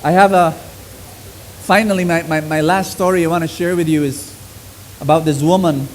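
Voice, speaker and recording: A middle-aged man preaching a sermon to a congregation, swinging between loud exclamations and soft, low lines. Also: steady tone, moderate pace, a little hiss or hum, rough recording.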